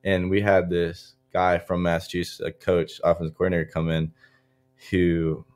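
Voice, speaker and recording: Casting note: young man from Florida, very low voice, relaxed rambling storyteller, interview guest. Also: moderate pace, faint music behind. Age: young adult. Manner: loose, filler-heavy, frequent likes and restarts. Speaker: guest, college football player.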